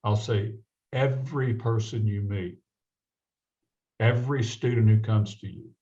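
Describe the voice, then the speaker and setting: An unhurried man with a low, dark-toned voice, recorded with the highs cut off, tells a personal story as a guest. He's a physician from the American South and, in this conversation, imitates the voices of the story's characters.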